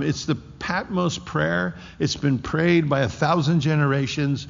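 A pastor preaching an expository sermon, emphatic, with slow drawn-out phrases that surge with intensity. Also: male voice, on the high side, fairly even intonation, vocal fry. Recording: muffled hall with long reverb.

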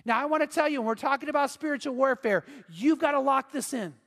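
A man's voice: very high-pitched, quick pace, a bit bright, long reverb tail. A man preaching a sermon as pastor, earnest and emphatic, often repeating his phrases for weight.

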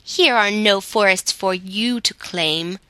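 A woman voicing a fierce, impudent male goblin king who shouts his defiance in anger. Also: mid-range voice, slow pace, dry recording. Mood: defiant.

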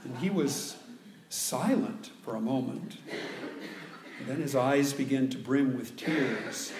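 A man preaching a sermon as pastor, speaking slowly and deliberately and leaning hard on key words. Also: medium pitch, darkish tone. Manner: slow, deliberate preaching with dramatic emphasis. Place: church sanctuary. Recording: echoey church room, faint ambience.

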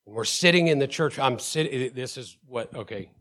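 A male pastor preaching in a middle-pitched voice and telling stories from his own life. He leans hard on key words, calls out to the congregation for agreement and stumbles over repeated words as he builds momentum. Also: expressive, normal speed, a bit bright. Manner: emphatic, with call-outs to the congregation; storytelling, stammers and repeats words. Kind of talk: sermon.

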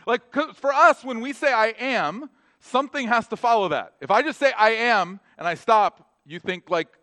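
A man's voice: sits high, animated, moderate pace, bright, forceful tone, dry recording. A man preaching a casual, conversational sermon as a pastor, full of asides and laughing at his own jokes.

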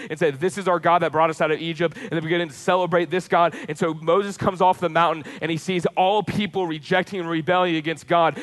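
Pastor, male, fairly high voice; sermon delivery that swells and then slows right down for weight. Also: fairly bright tone, poor audio. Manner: rises in pitch and volume when pressing a point, drops low and slow for emphasis.

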